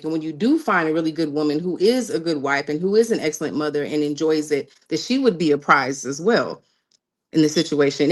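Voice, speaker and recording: A woman speaking as a guest on a panel discussion, with a voice lower than most women's. She reasons carefully and checks that she has understood before pressing her point.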